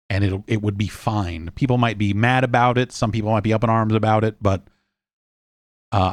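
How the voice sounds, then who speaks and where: Brief: male podcast host, lowish voice, loose and wry, lots of ums, dry close mic. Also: no room sound. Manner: rambling, wry, with many fillers and restarts. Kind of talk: casual chat.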